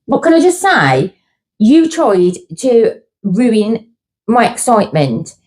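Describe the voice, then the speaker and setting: Podcast co-host: middle-aged woman, excitable and gushing, voice sits a little high. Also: slow pace, low-quality recording. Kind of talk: casual chat.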